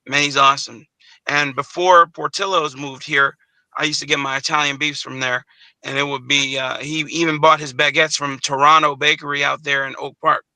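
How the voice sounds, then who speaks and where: A man's voice: on the high side, flat delivery, normal speed, pushed and bright, dry recording, poor audio. A man from Chicago hosting a casual live panel chat, reminiscing and repeating "man" often. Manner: nostalgic, repeats "man" and "great times". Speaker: panel host.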